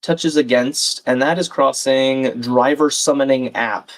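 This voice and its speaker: At a measured pace, a medium-pitched man leads a livestream of crossword solving. He chats casually, thinks out loud, and reads out what viewers comment.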